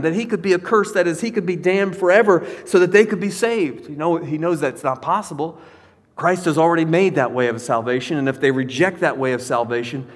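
An earnest man preaching a sermon, his fairly high voice lifting as he reads scripture and sinking low for grave points. His words ring out with a long reverb, as in a large hall. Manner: earnest, swells in pitch when reading scripture, drops low for solemn points.

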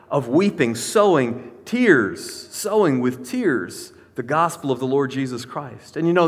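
A man preaching a sermon, reading scripture with rising intensity and dropping low and quiet for solemn points. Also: long reverb tail. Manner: earnest, swells in pitch when reading scripture, drops low for solemn points.

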